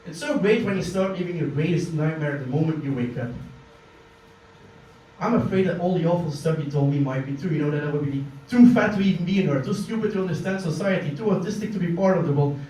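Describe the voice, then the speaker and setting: A young man performing a one-man stage monologue, intense and confessional, swinging from quiet to shouting, recorded on a phone from the audience in a small basement venue. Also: a little high, fast talker. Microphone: phone filming from the audience. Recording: echoey, distant phone recording in a room.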